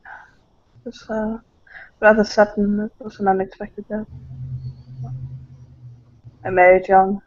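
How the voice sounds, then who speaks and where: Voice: medium pitch, flat delivery, slow pace, pauses often, darkish tone, close to an everyday voice. A tabletop player voicing a young widowed man with a European accent, joking dryly about his grief over drinks. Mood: somber. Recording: dull lo-fi recording.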